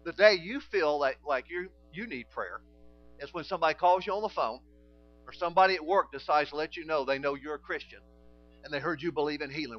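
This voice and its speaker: A man preaching a sermon, telling stories and acting out conversations in quieter voices. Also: a little high, fast, highs cut off, faint music behind. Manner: animated storytelling, acting out dialogue in quiet voices.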